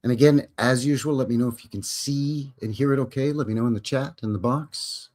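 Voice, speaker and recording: A man with a medium-pitched, slightly mellow voice speaks fairly quickly. Hosting a live stream, he comments on film clips, jokes casually and chats, reading viewer comments aloud.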